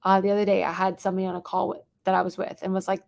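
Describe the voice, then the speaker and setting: A young adult woman coaching on sales tonality, talking quickly and dropping into whispers or bright bursts to show different tones. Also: medium pitch, flat delivery, vocal fry. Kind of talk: teaching sales tonality to a live chat audience.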